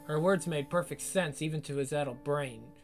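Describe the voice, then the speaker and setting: Male audiobook narrator over soft guitar. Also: on the high side, normal speed, vocal fry. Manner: steady storytelling read. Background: faint guitar music.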